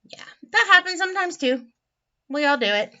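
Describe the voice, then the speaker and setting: A woman teacher reading a picture book aloud to children, animated and chatty, with friendly asides. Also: very high voice, a little fast. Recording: dull lo-fi recording.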